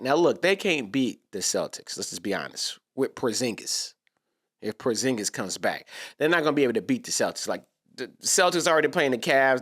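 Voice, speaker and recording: Man, sports reaction vlog, casual slang, lively swooping pitch, talks to viewers.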